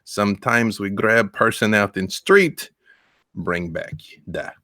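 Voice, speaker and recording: A man voicing a thirty-something male Russian mobster in a tracksuit, speaking slow, broken English in a put-on Russian accent. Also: on the low side, bright, forceful tone, dry recording, studio quality. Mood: businesslike.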